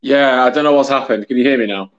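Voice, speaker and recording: A man co-hosting a podcast over a phone, chatting in a quick, offhand, joking way. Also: medium pitch. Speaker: podcast co-host. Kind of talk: casual chat. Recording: dull lo-fi phone audio.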